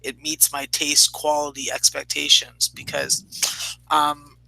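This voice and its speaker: A man's voice: fairly high pitch, completely flat delivery, takes it slowly, creaky, sharp tone, no room sound, rough recording. A man co-hosting a casual late-night podcast, loose and joking, with heavy swearing. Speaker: podcast co-host.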